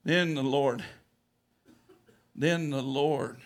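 A male pastor preaching a sermon, telling a story and acting out the dialogue, swinging from hushed lines to loud ones. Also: a little high, steady tone, drawn-out words.

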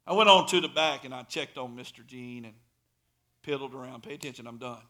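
A man preaching a sermon in a church, telling a story and building to shouted pleas. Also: medium pitch, brisk. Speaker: pastor.

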